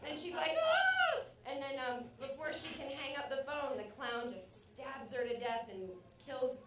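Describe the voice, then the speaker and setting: A woman's voice: sits high, steady tone, moderate pace, far from the mic, background noise. Rambling woman comic, echoey room. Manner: rambling, self-mocking, loud acted outbursts. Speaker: stand-up comedian. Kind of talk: stand-up set. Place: comedy club stage. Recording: echoey club recording from afar.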